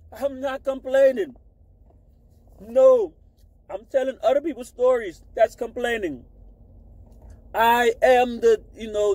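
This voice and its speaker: A man doing a loud, boastful, profane comedic rant into a phone camera from inside a car. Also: extremely high pitch, no room sound. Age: adult. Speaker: comedic vlogger.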